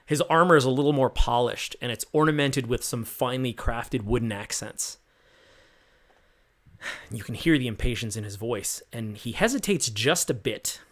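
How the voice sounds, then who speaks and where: A male game master narrates a tabletop session in a relaxed, conversational voice of middling pitch. He paints cinematic scenes and scatters casual fillers through them. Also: moderate pace.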